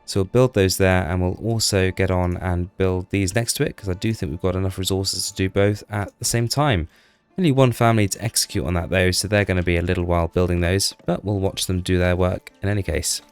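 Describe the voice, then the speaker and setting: A deep-voiced man gives casual commentary over his own gameplay, chatty and self-deprecating. He talks to the little people on screen as he goes, with faint music underneath. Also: steady tone, brisk, clean tone.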